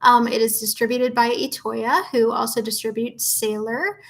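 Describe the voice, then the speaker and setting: A woman's voice: on the high side, fairly even intonation, moderate pace, gravelly, low-quality recording. Woman co-host, casual live show from home, talkative, fixes her words mid-sentence. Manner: chatty, reads out questions, corrects herself. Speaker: co-host answering viewer questions.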